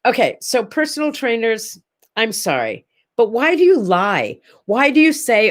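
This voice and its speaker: A woman's voice: fairly high pitch, expressive, measured pace. A middle-aged woman hosting a casual morning chat show, talking straight to the camera in a gushing, rambling way full of asides. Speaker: host.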